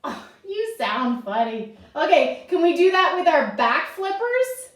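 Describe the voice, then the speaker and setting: A woman's voice: extremely high pitch, sing-song, measured pace. A woman teaching children's yoga through a story, guiding in an encouraging, sing-song way. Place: yoga studio. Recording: echoey room, voice from far off.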